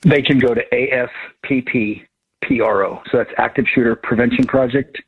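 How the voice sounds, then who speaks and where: A man's voice: mid-range voice, steady tone, normal speed, breathy edge, no room sound. A man being interviewed as a guest expert on a radio show, talking in a fired-up, emphatic way. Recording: tinny phone line.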